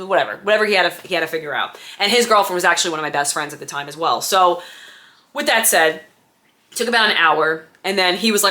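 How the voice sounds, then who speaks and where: A woman in her thirties casually telling a personal story, animated and acting out quoted dialogue, with lots of "like" and "right?". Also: on the low side, fast. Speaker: former diaper service owner.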